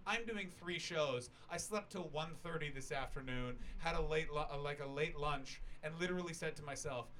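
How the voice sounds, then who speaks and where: Slight background noise accompanies a Canadian stand-up at a small festival room. His voice is a little high and a bit bright, at normal speed with few pauses, as he spins a long, self-deprecating, profanity-laced yarn, acting out other people's voices.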